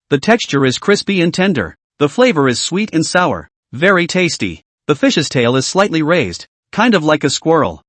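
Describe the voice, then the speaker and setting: A man's voice: fairly high pitch, fairly bright tone, no room sound. A man reading as a young rich boss. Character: young rich male company boss, polite host.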